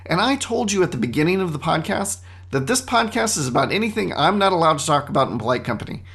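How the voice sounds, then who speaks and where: A man hosting a solo podcast, telling a story in an animated, self-mocking way into a studio microphone. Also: a little high, fast talker. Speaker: podcast host.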